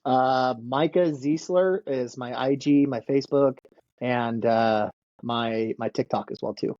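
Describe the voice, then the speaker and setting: Excitable man, dry lo-fi sound. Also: mid-range voice, a little slow, dry recording. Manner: excitable, repeats words, laughs often. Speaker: podcast guest. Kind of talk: casual interview chat.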